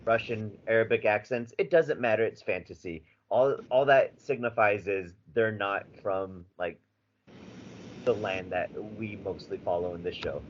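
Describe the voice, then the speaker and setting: A man co-hosting a podcast in casual chat, animated and rambling, swearing freely with lots of fillers. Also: fairly low pitch, a little slow. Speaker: podcast co-host. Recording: slightly dull audio with faint background noise.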